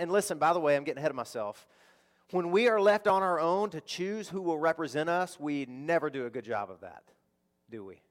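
A man's voice: a little high, in a large hall. A male pastor preaching a conversational sermon, asking the congregation rhetorical questions.

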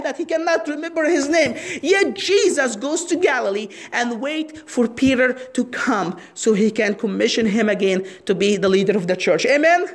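A woman preaching a sermon, asking the audience questions and acting out the story. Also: high-pitched. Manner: animated, asks the audience questions.

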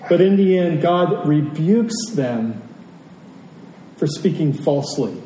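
A man's voice: fairly high pitch, lively intonation, takes it slowly, warm tone, a little hiss or hum. A man preaching a sermon as pastor, emphatic, asking rhetorical questions and repeating key phrases. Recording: roomy, distant from the mic, faint ambience.

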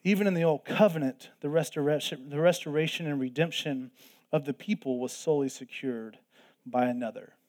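A man's voice: on the high side, brisk, a little mellow. A man preaching a sermon in an earnest way, repeating phrases for emphasis. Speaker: pastor.

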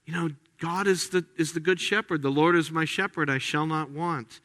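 A man preaching a sermon as pastor, animated, acting out quoted lines in lively voices. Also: on the high side, normal speed. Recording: long hall reverb.

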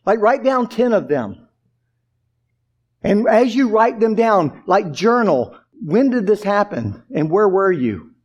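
Man, pastor, high voice, conversational sermon, rhetorical questions. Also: very animated, slow pace, dull audio. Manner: conversational preaching with frequent "like" asides and rhetorical questions.

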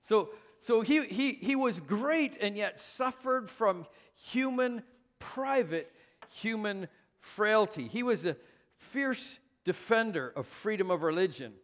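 A man's voice: sits high, lively intonation, takes it slowly, a bit bright. A man preaching a sermon as pastor, conversational and self-deprecating, with frequent fillers.

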